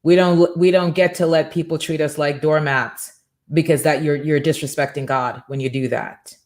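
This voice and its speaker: A middle-aged woman with a somewhat low voice hosts a morning show, mixing a casual chat with a sermon-like rhythm. She leans on rhetorical questions and repeats phrases for emphasis as she thanks her listeners. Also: steady tone, moderate pace, a little mellow. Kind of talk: faith-based motivational talk, reading chat comments.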